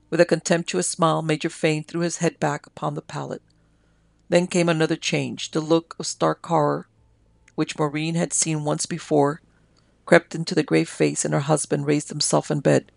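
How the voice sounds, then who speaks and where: An audiobook narrator reading a story in a measured, dramatic way. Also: medium pitch, flat delivery, creaky, no room sound. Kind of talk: scripted narration.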